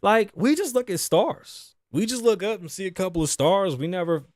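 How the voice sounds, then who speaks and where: A man's voice: sits high, animated, normal speed, no room sound, studio quality. A man in his thirties hosting a solo podcast, rambling through the news in a profane, joking way. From Puerto Rican background. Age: 30s. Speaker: podcast host. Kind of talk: solo casual podcast rant.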